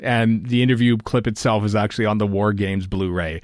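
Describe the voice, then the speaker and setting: A man's voice: fairly low pitch, brisk, no echo, clean studio sound. A man co-hosting a fan podcast, chatting casually and rambling with lots of fillers and restarts. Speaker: podcast co-host. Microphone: studio podcast mic.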